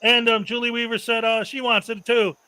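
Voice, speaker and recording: A man's voice: extremely high pitch, flat delivery, fairly quick, pushed and bright, a little hiss or hum, poor audio. A man hosting a casual livestream, chatting loosely and laughing often as he shows off prizes. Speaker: host.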